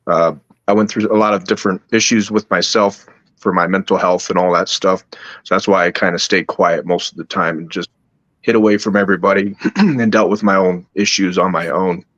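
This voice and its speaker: A man telling a personal story at a slow, halting pace, with many restarts. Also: low-pitched, steady tone, fairly bright tone, no echo, lo-fi sound. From United States. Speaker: podcast guest. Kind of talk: casual storytelling.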